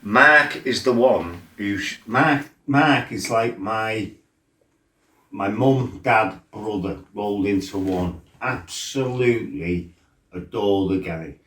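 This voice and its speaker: A middle-aged man tells his life story as a former fighter, bluntly and with lots of swearing, acting out his own shouts. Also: lowish voice, takes it slowly. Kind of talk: casual storytelling interview. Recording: roomy, mic set some distance off.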